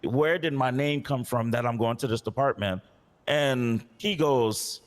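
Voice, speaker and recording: A man's voice: mid-range voice, a little slow, in a large hall. A man playing a police officer in a role-play game, frustrated and recounting past conversations in detail. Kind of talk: in-character role-play complaint.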